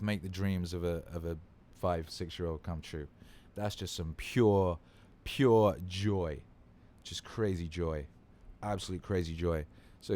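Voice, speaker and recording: A man's voice: deep voice, warm tone. A tired man hosting a livestream, chatting loosely and swearing freely as he greets viewers. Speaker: livestream host. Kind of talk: casual livestream chat.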